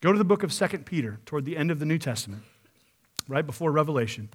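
A man preaching a sermon, reading scripture and paraphrasing it in an emphatic, animated way. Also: fairly high pitch, quick pace, husky.

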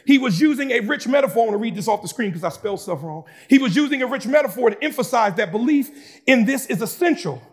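A man preaching a sermon, moving between calm explanation and fervent shouting with casual asides to the congregation. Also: very high-pitched, fast talker, breathy edge. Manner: shouts and preaches with rising intensity, conversational asides. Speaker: pastor.

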